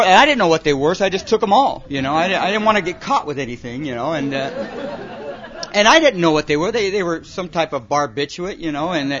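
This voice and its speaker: High-voiced rambling man telling stories. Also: background noise. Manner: rambling, fills with "you know" and "man". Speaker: recovery meeting speaker. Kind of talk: comic storytelling talk to an audience. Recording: muffled recording with audience laughter. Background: audience laughing.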